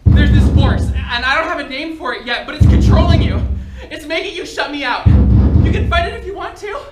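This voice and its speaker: A woman's voice: high-pitched, fairly quick, natural voice. A woman playing a disgraced young detective on stage, pleading and prone to emotional outbursts. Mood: urgent. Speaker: stage performer. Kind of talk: live solo stage play. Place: college stage. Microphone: far camera. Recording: distant echoey stage recording with loud music.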